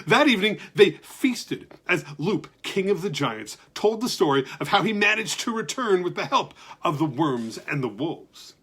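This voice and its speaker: A male storyteller narrates a children's tale with lively, expressive delivery. His voice is husky and sits on the high side, rising and falling animatedly as he reads. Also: moderate pace, hardly any pauses. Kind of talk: reading a children's story aloud.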